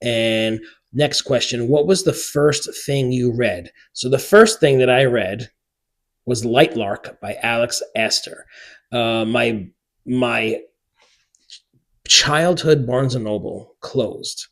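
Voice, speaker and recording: A man in his forties, a book vlogger, chatting casually to camera in an excitable way with many filler words. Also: mid-range voice, slow, creaky. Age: 40s.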